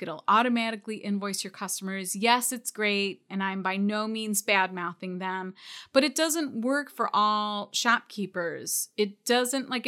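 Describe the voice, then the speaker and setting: A woman's voice: mid-range voice, pushed and bright. A woman coaching shop owners, talking directly and encouragingly and calling listeners out when needed. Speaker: retail business coach. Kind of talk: coaching podcast talk.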